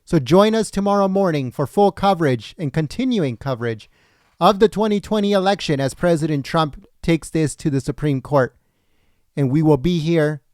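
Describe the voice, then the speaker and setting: A man's voice: a little high, a little mellow, no echo, clean studio sound. A man hosting a political livestream, speaking earnestly and directly to his viewers, his voice tired after a long broadcast. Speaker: livestream political commentary host. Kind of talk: casual livestream sign-off.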